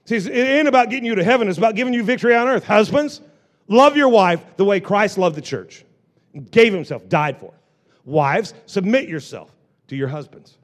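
A male pastor preaching a lively sermon to a live congregation, repeating phrases and joking with the people in the pews. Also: high-pitched, fairly quick. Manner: animated preaching with repetitions and asides to the congregation.

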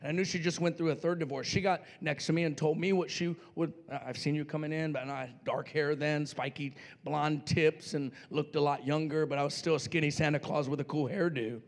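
A middle-aged male pastor from New Mexico preaching through a funny personal story. He has a slightly high voice and moves from quiet, confiding asides to loud shouted lines, acting out the voices of the people he describes. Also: fairly even intonation, brisk, few pauses. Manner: playful, acts out voices in his stories. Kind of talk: storytelling sermon.

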